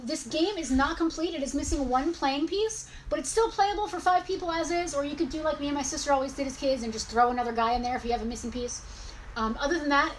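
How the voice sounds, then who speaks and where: A woman in her forties with a high, bright-sitting voice hosts a live-stream sale of old toys. She talks in a chatty, rambling way and catches and corrects herself as she goes. A faint hiss sits under her voice. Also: rough recording. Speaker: host selling collectibles. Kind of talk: casual live-stream sales chat.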